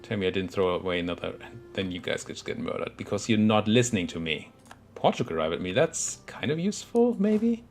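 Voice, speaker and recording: A man's voice: fairly low pitch, sing-song, brisk, darkish tone. A young man casually commentating his own strategy game, thinking aloud and muttering at the units on screen. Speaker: gameplay commentator.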